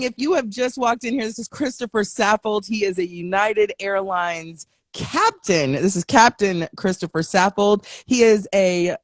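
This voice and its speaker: A woman's voice: medium pitch, dry recording, clean studio sound. A woman hosting a casual interview over a video call, talking in a playful, teasing way. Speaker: host.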